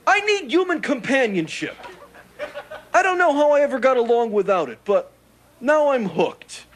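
A man voicing a wisecracking, needy male alien in a sitcom, fast with jokes and quick to plead. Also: very high voice, very animated. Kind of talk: 1980s sitcom acting. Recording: loud studio audience laughter, noisy.

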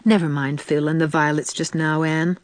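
A sincere young man who speaks quietly and steadily, read by a woman narrator in her own voice. He is earnest and holds back his feeling. The recording is dry and close. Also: sits low, steady tone, normal speed, dry recording, natural voice.

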